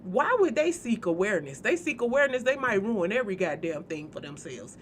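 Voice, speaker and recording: A woman's voice: mid-range voice, sing-song, a little fast, slight background noise. Blunt, foul-mouthed woman hosting spiritual chat. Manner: blunt, profane, joking, speaks straight to viewers. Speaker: spiritual channel host. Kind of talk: casual spiritual chat to viewers.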